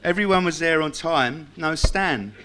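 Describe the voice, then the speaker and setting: A man's voice: on the high side, unhurried, pushed and bright, slight background noise. A man speaking at a tribute evening, reciting a tribute poem and telling wry, self-mocking anecdotes to a live audience. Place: club function room with live audience.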